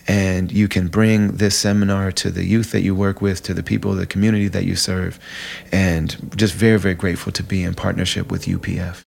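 Deep gravelly male voice, sponsor read, quick and scripted. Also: flat delivery.

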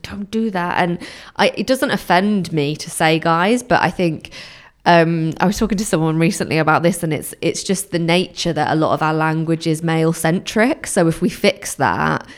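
A woman in casual podcast chat, talking frankly with quick asides. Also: sits low.

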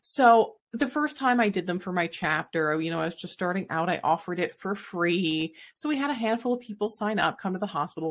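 A fast-talking woman panelist speaks candidly and rambles a little. Her voice is a touch lower than most women's. She keeps the tone casual and unpolished.

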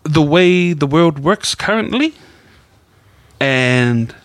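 A man's voice: on the high side, animated, takes it slowly, no room sound. A man, co-hosting a casual chat podcast and telling rambling stories in laid-back slang. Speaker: podcast co-host.

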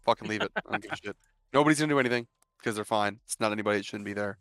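A man's voice: lowish voice, very fast. Profane, laughing young man telling stories. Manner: profane, laughing, animated storytelling. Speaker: casino security dispatcher. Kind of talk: casual podcast chat.

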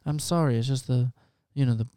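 A comedian steps out of an improvised scene to tease a scene partner, apologizing with amusement between the jokes. The voice is middle-pitched and sounds dry, with no room echo. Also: fairly quick, warm tone, clear, resonant tone.

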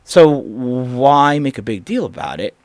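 A young man chats about his work in fast food, acting out angry customers with a voice that rises and falls a lot. The sound is dry and close. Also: medium pitch, dry recording. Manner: animated storyteller acting out customers. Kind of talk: casual chat.

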